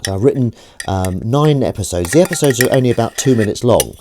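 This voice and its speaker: Chatty man, lively pitch. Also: fast, background noise. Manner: rambling, self-mocking, coos at his cat. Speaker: live streamer. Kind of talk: casual chat while washing up. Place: home kitchen. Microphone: desk microphone.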